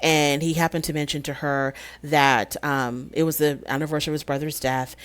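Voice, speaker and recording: A woman's voice: sits low, flat delivery, normal speed, clear, resonant tone. A woman hosting her own channel, recapping and reviewing a reality show episode in a chatty, opinionated way with lots of "you know" fillers.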